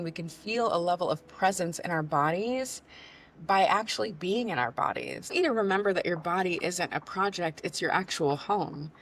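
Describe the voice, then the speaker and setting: A woman in her forties, a somatic coach, giving a candid, casual motivational pep talk that guides the listener through breathing and swears now and then. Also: on the low side. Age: 40s.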